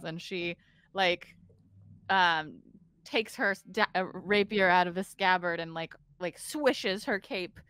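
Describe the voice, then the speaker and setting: A woman's voice: mid-range voice, a bit bright, smooth, no room sound. A woman playing a tabletop role-playing game, describing her character's actions thoughtfully. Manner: unhurried, thoughtful description with fillers. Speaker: player.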